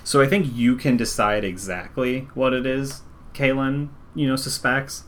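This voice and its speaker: A man's voice: medium pitch, steady tone, a little slow, a bit bright, slight background noise. A man narrating a tabletop game as game master in a casual, rambling way. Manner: casual, filler-heavy, conversational.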